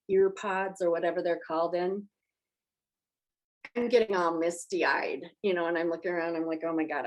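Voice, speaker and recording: A woman's voice: fairly low pitch, low-quality recording. A woman on a movie podcast, chatty and emotional as she retells a film's plot. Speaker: podcast panelist. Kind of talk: casual movie discussion.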